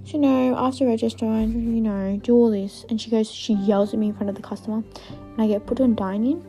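Young woman rambling thru a podcast story, mellow kinda dark tone, lots of likes, goes whispery sometimes, faint music behind. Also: fairly high pitch, fairly even intonation, a little fast. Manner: rambling, filler-heavy, drops to whispers. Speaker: podcast host. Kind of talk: casual storytelling monologue.

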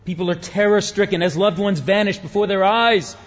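Epic trailer narrator, a man voicing it: booming, slow and high-strung, muffled recording. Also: fairly even intonation, long reverb tail, close to an everyday voice. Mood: dramatic. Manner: booming, drawn-out dramatic delivery. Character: dramatic male action movie trailer narrator.

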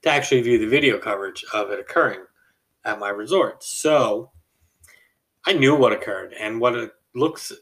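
A young adult man casually telling a story from his job on a podcast, animated and acting out the people in it. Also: mid-range voice, normal speed, far from the mic, poor audio. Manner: animated, acts out quoted people with a raised voice. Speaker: podcast host.

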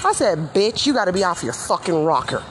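Furious profane woman ranting, lively pitch. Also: a little fast, background noise. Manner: heated, profane, indignant. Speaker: mother venting about social services. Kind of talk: angry monologue rant.

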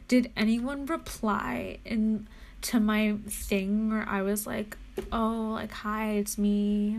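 A young woman talking to her viewers at an unhurried pace while she clicks around her computer. Her voice sits a little high, and she sounds anxious and jittery, swearing freely and slipping in nervous laughs. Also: a bit bright. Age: young adult. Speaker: vlogger. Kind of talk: casual chat while browsing a computer.

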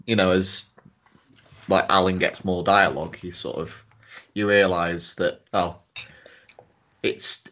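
A man speaks in a lowish voice, relaxed and a little hesitant, often laughing along with his co-host. The recording sounds muffled and lo-fi. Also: takes it slowly, long pauses. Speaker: podcast co-host. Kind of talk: casual recap chat.

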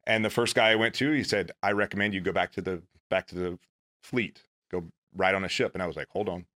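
A man's voice: low voice, fairly even intonation, quick pace, bright, forceful tone. A man, a former Navy SEAL, telling his own story in casual, earnest, self-deprecating talk.

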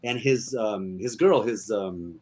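A man from Portugal with a Portuguese accent, a stunt performer guest telling animated stories in casual podcast chat, laughing often. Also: lowish voice, slow pace. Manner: animated storyteller, laughs often, acts out quotes.

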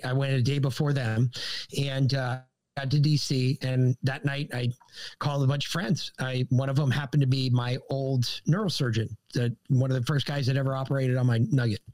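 A man's voice: medium pitch, steady tone, fairly quick, a little mellow. Profane man telling a story. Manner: profane, joking anecdotes. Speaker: podcast guest. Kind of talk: casual storytelling.

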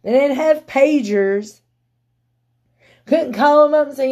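Slow-speaking woman preaching a sermon. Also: high voice, a little mellow, lo-fi sound. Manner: storytelling, building to emphatic raised peaks.

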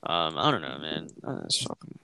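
Low-voiced young man, swearing casual talk. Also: very animated, normal speed, pushed and bright, clean tone, no echo. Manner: rambling storytelling, heavy swearing, slangy. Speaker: podcast host. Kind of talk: casual chat.

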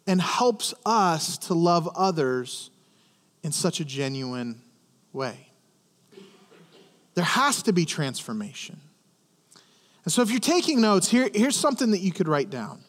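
A man's voice: high voice, sing-song, takes it slowly, pauses often, long reverb tail. A man preaching a sermon to a congregation in a conversational way, often restarting words and asking the listeners questions. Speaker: pastor. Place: church service.

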